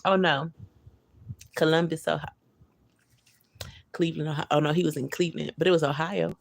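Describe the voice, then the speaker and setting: Woman, low voice, gravelly, casual livestream chat, slangy, reads comments, chuckles a lot. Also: fairly even intonation, moderate pace. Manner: loose, slangy talk to viewers, chuckles often.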